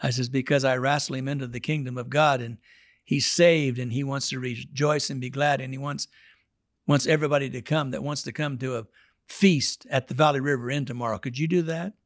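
A man's voice: medium pitch, fairly even intonation, fairly quick, no room sound, studio quality. A man, a pastor, telling a story in a sermon and acting out the people in it.

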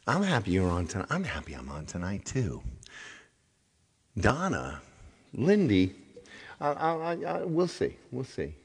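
A deep, low-pitched middle-aged man hosts a casual livestream. He chats along with viewers, trips over his words and restarts often, and wags a mock-stern finger at anyone who yells out requests. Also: huge pitch swings, unhurried, long pauses, slightly rough. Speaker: livestream host and singer.

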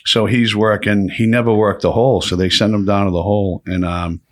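Profane storytelling man, lowish voice. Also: flat delivery, a little fast. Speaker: podcast host telling prison stories. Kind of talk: casual storytelling chat.

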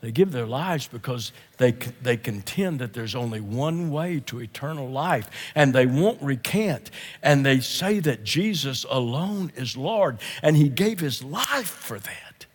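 Guy preaching a sermon, husky, keeps clearing his throat, loud then quiet, long church reverb. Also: medium pitch, expressive, measured pace. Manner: emphatic, repeats phrases, swings from loud to hushed. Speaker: guest preacher.

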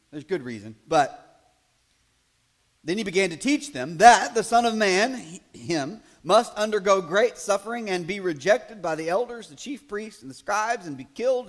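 Animated, expressive male preacher. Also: high-pitched. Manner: conversational preaching, rising to loud animated emphasis; acts out quoted voices in asides. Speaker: pastor. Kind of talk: sermon.

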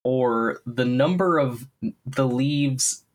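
A woman's voice: extremely low pitch, slow pace, a little mellow. A woman guest on a podcast in casual chat, wry and explaining things.

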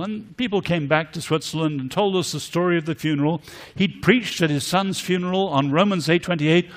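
An older man with a British accent giving an apologetics lecture, telling stories and rising to emphatic force on key words. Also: fairly high pitch. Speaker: conference speaker.

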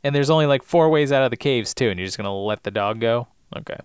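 Playful, lively-voiced man recapping TV. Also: medium pitch, quick pace, smooth, dry recording, studio quality. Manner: joking, playful recap storyteller. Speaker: podcast co-host. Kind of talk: casual chat recapping TV episodes.

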